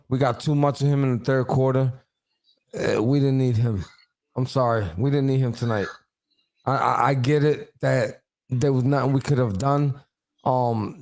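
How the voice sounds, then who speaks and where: Male sports podcast host, mid-pitched, animated ranter. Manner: animated, ranting, talks over others. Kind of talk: casual sports podcast chat.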